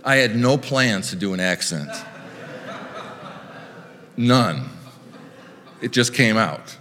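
A man preaching a sermon in a measured, reflective way, with wry asides. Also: on the low side, lively intonation, pushed and bright. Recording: long hall reverb.

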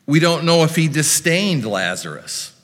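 A male preacher delivers a sermon at an unhurried pace, measured and reflective, with wry asides. His pitch moves freely up and down. The voice carries a long reverb, as if in a church. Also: sing-song, a bit bright.

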